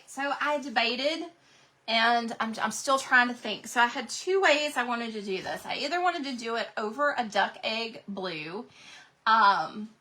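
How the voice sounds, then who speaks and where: A woman with a drawl chats on a casual craft livestream, gushing over her supplies and calling out to viewers. Her voice sits a little high and sounds sharp and bright. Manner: bubbly, gushing, chatty, talks to viewers in the chat.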